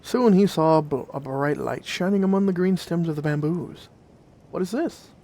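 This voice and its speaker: A man narrating old folk tales in a gentle, old-fashioned fireside storytelling manner. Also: fairly high pitch, moderate pace, slight background noise.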